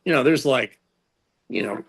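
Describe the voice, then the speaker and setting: At a moderate pace and with some vocal fry, a middle-aged strength and conditioning coach spins casual stories as an interview guest. He quotes people in higher voices above his usual mid-range pitch, sprinkling in "like" and "you know" and frequently restarting sentences.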